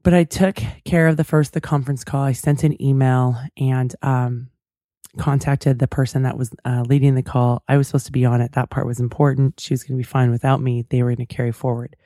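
Woman host, mellow dark voice, chatty storytelling, dry close sound. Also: extremely low pitch, flat delivery, brisk, dry recording. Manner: chatty and reflective, with many fillers and asides. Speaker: podcast host. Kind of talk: casual storytelling monologue.

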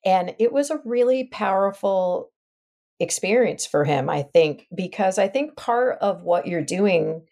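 Middle-aged woman opening up on a podcast, candid and emotional, bit of fry in her voice. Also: medium pitch, animated, measured pace, dark tone. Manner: candid, heartfelt, often trailing and restarting. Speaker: guest. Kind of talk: emotional personal interview.

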